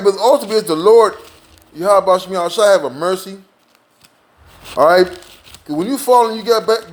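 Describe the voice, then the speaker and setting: A man preaching a sermon in a loose, conversational way, dropping "man" and "all right?" between points and slowing down to read scripture aloud. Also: high-pitched. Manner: informal, peppers lines with "man" and "all right?". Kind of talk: street-style sermon with scripture reading.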